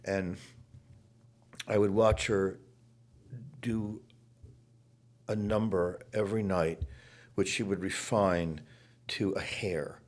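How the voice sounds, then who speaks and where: Husky low-voiced man telling stories. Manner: emphatic, shifts from hushed to loud. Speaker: interview guest. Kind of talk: reflective storytelling. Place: his home.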